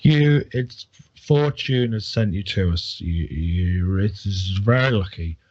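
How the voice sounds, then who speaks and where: A man's voice: low voice, lively intonation, takes it slowly, darkish tone, exaggerated voice. A man voicing a rambling, drunk old villager with a wavering, imploring voice. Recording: dull lo-fi audio.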